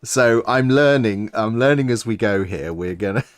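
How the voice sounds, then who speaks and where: A man's voice: on the low side, animated, no room sound. A man co-hosting a livestream, talking in a casual, easygoing way. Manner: unhurried, easygoing, chuckling. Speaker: co-host of a developer livestream.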